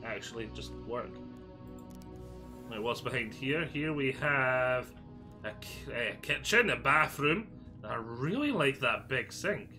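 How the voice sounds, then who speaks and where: A Scottish creator of gaming videos narrates a casual game walkthrough in a bright, forceful mid-range voice. He keeps it chatty and full of jokes, reasoning aloud as he goes.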